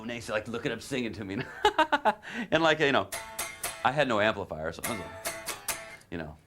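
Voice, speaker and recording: Animated man telling a story. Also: fairly low pitch, moderate pace, over loud music. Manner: animated storytelling, acts out dialogue. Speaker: guitarist. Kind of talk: interview anecdote.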